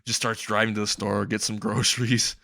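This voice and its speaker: A man's voice: lowish voice, flat delivery, a little fast, creaky, sharp tone. A young man improvising a comedic fan story, rambling and laughing at his own jokes.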